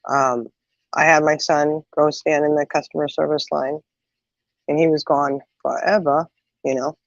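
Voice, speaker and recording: Her low, gravelly voice moves at a measured pace as the middle-aged woman hosts a relaxed chat full of everyday anecdotes and asides, told in an animated way. There's no echo, but the audio is somewhat muffled and dull.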